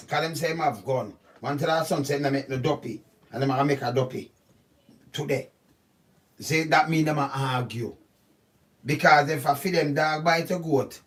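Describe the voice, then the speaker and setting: A man with a Jamaican accent giving casual, animated commentary on a news story, often stopping to ask "see?". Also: fairly high pitch. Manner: animated, repetitive, keeps asking "see?". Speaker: channel host. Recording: voice distant from the mic.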